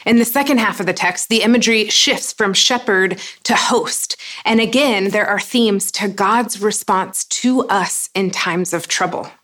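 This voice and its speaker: Slow, earnest woman preaching. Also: mid-range voice, fairly bright tone. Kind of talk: sermon.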